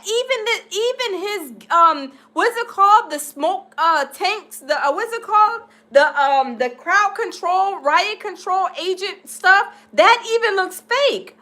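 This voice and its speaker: A woman hosting a live reaction stream, talking to her chat in an animated, exclaiming way. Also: very high voice, unhurried, few pauses. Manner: animated, exclaiming, laughing often.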